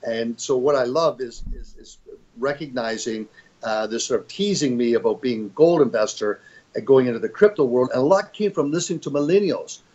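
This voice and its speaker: Older man, interview guest, emphatic, rambling with restarts, mid pitch, slightly dull lo-fi sound. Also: fairly quick, a little mellow. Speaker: interview guest, fund executive. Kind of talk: conversational interview.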